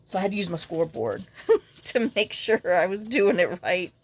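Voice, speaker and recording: A woman's voice: mid-range voice, moderate pace, vocal fry, slightly rough. A woman hosting a casual crafting tutorial, chatty and rambling as she talks viewers through her work. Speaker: crafting channel host.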